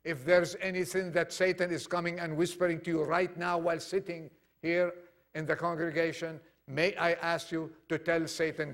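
A male preacher delivers a sermon to his congregation in a high-pitched voice. He acts out quoted dialogue with feeling, rising to loud declarations and dropping to near hushes. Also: little pitch movement, normal speed. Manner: impassioned, dramatic swings from loud to hushed. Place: church congregation.

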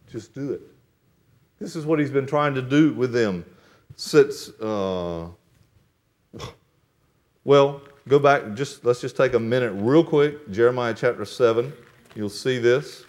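A man preaching a sermon to a congregation, reading Bible verses in a solemn old-fashioned cadence and explaining them, rising to loud emphatic peaks and dropping to quiet, low asides. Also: animated, measured pace. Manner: reads scripture in solemn King James cadence. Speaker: pastor.

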